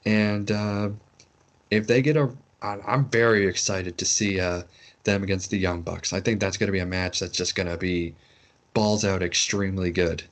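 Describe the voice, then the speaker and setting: A man's voice: sits low, steady tone, normal speed. A man co-hosting a casual podcast, rambling and teasing his co-host. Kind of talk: casual chat.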